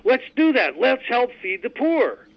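A man voicing an eager male chicken in a spoken joke, bright and coaxing. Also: very high-pitched, very animated, measured pace, creaky, highs cut off, voice pushed up, heavily acted.

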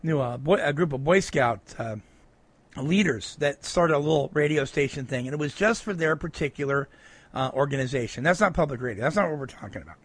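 Animated man, high lively voice. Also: brisk, slightly rough, no echo. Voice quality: animated, emphatic, rhetorical asides. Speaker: speaker at a recovery meeting. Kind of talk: emphatic talk reading quotes aloud.

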